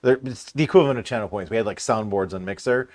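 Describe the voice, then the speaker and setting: A middle-aged man in casual chat, telling animated stories and laughing often. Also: on the low side, quick pace, no room sound, studio quality. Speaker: streamer guest.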